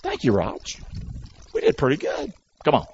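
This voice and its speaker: A man's voice: fairly high pitch, wildly swooping pitch, moderate pace, a little mellow, a little hiss or hum. A male pastor, preaching a sermon in a church and coaxing the congregation to repeat phrases back in call and response. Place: church sanctuary. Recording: dull lo-fi sound.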